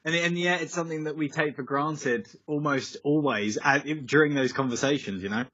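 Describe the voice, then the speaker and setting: A young man talks loosely over a video call, wandering off on tangents and padding his sentences with ums and likes. His voice comes across bright and forward. The call audio is dry and a little dull. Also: a little high, normal speed, no room sound. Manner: rambling, goes off on tangents, many fillers. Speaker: musician guest.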